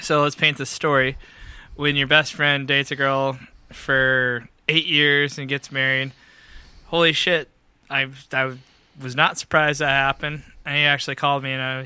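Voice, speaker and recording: A man hosts a casual podcast, swearing freely and acting out every line of the conversations he retells. His voice is bright and crisp, a little higher than average, and the sound is dry and close. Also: little pitch movement, moderate pace, dry recording. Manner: profane, laughing, acts out both sides of stories. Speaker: podcast host. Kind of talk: casual chat, storytelling. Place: podcast studio.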